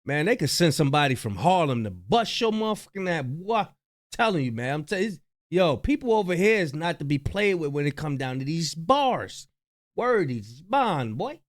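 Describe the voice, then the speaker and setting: A man talks high in his range and swings his pitch around constantly. He riffs on the news in a slangy, trash-talking way as a reaction host. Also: big pitch swings, normal speed. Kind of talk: casual reaction commentary.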